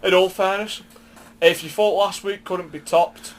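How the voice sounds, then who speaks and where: A man's voice: sits high, steady tone, unhurried, a crowd in the background. Man hosting, asking questions. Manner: laughs often, steers the talk with questions. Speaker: podcast co-host. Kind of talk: casual chat.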